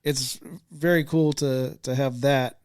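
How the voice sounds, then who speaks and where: A man co-hosting a faith podcast, speaking casually with many pauses and restarts. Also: medium pitch, steady tone, a little mellow, smooth, no room sound, studio quality. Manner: halting, many fillers and restarts. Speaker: podcast co-host. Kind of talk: casual chat.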